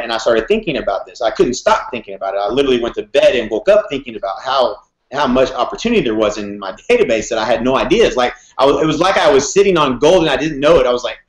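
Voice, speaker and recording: A man, a real estate broker in his thirties, telling a story in an interview, fast and energetic, acting out phone calls as he goes. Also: mid-range voice. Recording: roomy echo.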